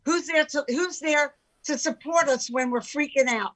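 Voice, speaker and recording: A woman in her sixties, an entrepreneur guest in casual chat, talking in an animated, emphatic way with many rhetorical questions. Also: high-pitched, brisk, hardly any pauses, low-quality recording.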